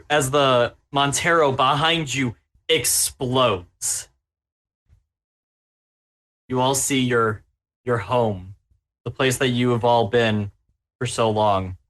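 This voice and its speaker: A man's voice: medium pitch, steady tone, slow, long pauses, fairly bright tone. A man running a tabletop horror game as game master, narrating with obvious glee at the players' danger. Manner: gleeful, relishing the players' peril.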